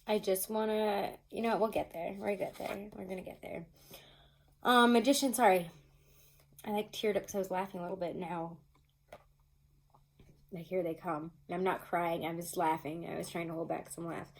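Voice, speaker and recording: A woman's voice: lowish voice, fairly even intonation, moderate pace, creaky, poor audio. Chatty woman giving a tarot reading. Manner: chatty, rambling, laughs often. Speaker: tarot reader. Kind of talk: casual tarot reading to camera.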